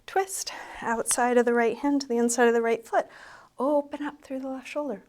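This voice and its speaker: A woman teaching a yoga class, giving calm, unhurried movement cues with soft asides, slightly out of breath. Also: on the high side. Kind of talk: guided yoga class instruction.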